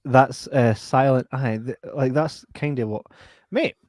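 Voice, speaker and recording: A man's voice: medium pitch, measured pace, darkish tone. A man hosting a casual podcast, joking, swearing freely and reading out listener messages. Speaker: podcast host. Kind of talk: casual chat.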